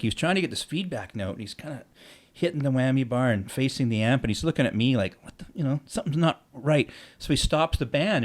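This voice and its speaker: A middle-aged man tells stories on his podcast in a relaxed, casual way. His voice sits at an ordinary middle pitch, and he swears freely. He acts out the dialogue of the people in his stories with lively energy. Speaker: musician telling stories on his own podcast. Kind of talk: casual storytelling.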